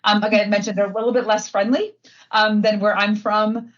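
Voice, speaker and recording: A woman's voice: mid-range voice, level tone, a little fast, lo-fi sound. A middle-aged woman from Wisconsin, chatting casually as an interview guest and filling her talk with "um" and "like". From Wisconsin, USA. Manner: chatty, frequent fillers and laughs. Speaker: guest, head of sustainability.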